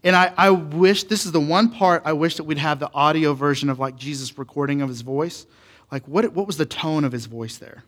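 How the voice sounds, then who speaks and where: A man's voice: fairly high pitch, a little fast. A man in his thirties, a pastor preaching a conversational sermon with repeated rhetorical questions. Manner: animated and repetitive, full of rhetorical questions.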